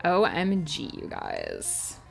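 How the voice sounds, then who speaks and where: A woman writer streams her planning work, chatting casually with viewers, reading their messages aloud and answering them. Her voice is low with vocal fry, huge pitch swings and a slow pace, and faint music plays behind her.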